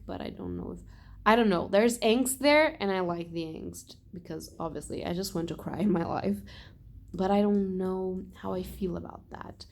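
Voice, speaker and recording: A young woman talking casually in a book vlog, animated and exasperated, swearing and laughing often. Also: on the low side. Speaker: book vlogger.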